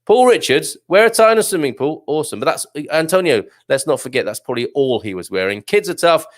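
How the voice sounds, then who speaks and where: A man's voice: a little high, expressive, fast talker. Chatty host guy reading comments live, jokey, lots of ums, bouncy voice. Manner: chatty, jokey, with frequent fillers and laughs. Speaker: livestream show host reading viewer comments. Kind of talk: casual live chat.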